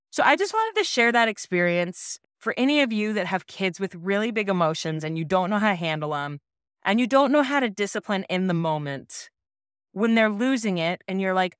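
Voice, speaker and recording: A woman in her thirties hosting a parenting podcast, sharing a personal story in a gentle, earnest and reassuring way. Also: lowish voice, big pitch swings, moderate pace, no echo, studio quality.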